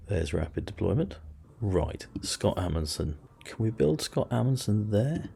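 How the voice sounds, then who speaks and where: A man's voice: fairly low pitch, very animated, measured pace, creaky, mellow, slight background noise. A man hosting a let's play, giving casual strategy game commentary and muttering to himself with self-deprecating asides.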